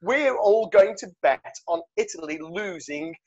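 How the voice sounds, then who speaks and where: On a dull, lo-fi recording, a rugby podcast host with a high, very animated voice and some vocal fry speaks a little slowly. He jokes and rambles through the casual chat, using lots of fillers.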